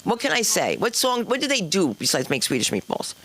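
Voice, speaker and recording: Her pitch swinging hugely, this comedy host speaks a little fast in a mid-range, fairly bright voice. She runs a stand-up night from the club stage, doing crowd work with chatty teasing.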